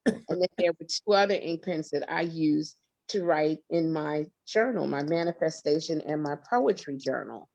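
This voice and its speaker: A woman, a guest singer, telling stories in an interview, expressive and emphatic, laughing often. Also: deep voice, moderate pace, gravelly. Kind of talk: animated interview storytelling.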